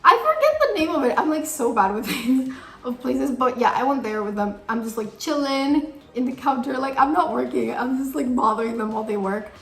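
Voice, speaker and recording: A woman's voice: high voice, animated, brisk, vocal fry, a bit bright. A young woman telling a story to her viewers in a casual, giggly way, full of fillers. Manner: giggly, chatty, many fillers. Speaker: vlogger. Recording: roomy echo with faint music.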